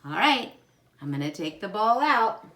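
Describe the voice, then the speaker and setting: A woman teaching a kindergarten lesson, talking directly to young children in a warm, exaggerated teacher voice with wide swings. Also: very animated. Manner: slow, sing-song teacher voice with big pitch swings.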